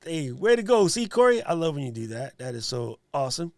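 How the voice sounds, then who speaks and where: A man's voice: a little high, big pitch swings, a little fast, darkish tone, dry recording, clean studio sound. A man hosting a livestream in a casual, joking way. He laughs often as he thanks his guest and talks to viewers. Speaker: livestream host.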